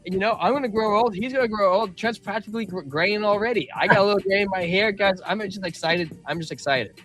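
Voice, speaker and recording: A man co-hosting a live show, talking in a rambling, animated way and telling long stories in casual chat. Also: high voice, quick pace, soft background music. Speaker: podcast co-host.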